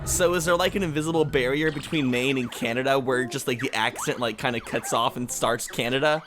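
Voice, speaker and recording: A man's voice: mid-range voice, brisk, music in the background. A young man joking crudely while playing a video game with a friend. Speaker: co-host. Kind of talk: casual gaming banter.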